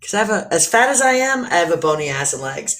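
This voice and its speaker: A woman hosting a casual live stream, joking crudely, greeting viewers and talking in a playful, drawn-out way. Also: lowish voice, very animated, a bit bright, slight background noise. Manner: bawdy, joking, often laughing. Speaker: livestream host.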